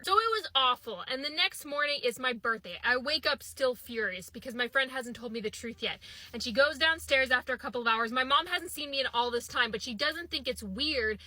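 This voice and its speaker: A young woman telling a comic storytime monologue, acting out the people she quotes with animated shifts in her voice. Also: sits high, fairly quick, no room sound.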